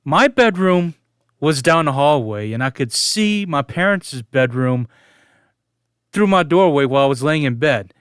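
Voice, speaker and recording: A man in his forties tells a story in a fairly high, smooth, clear voice. He keeps chuckling and trying not to laugh. The sound is dry and close to the mic. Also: lively intonation, measured pace, dry recording. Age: 40s. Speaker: vlogger. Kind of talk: casual storytelling monologue.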